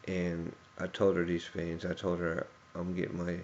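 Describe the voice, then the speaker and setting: Deep gravelly man rambling a tribute. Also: completely flat delivery, normal speed, darkish tone, highs cut off, a little hiss or hum. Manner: rambling and anecdotal, chuckling often. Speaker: speaker giving a tribute. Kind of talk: personal tribute speech.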